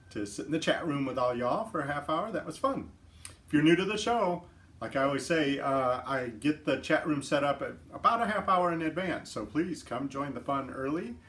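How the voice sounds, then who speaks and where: A man's voice: mid-range voice, fairly bright tone. A man hosting a casual live stream, chatting easily, laughing often and greeting viewers by name. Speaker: livestream host. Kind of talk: casual chat.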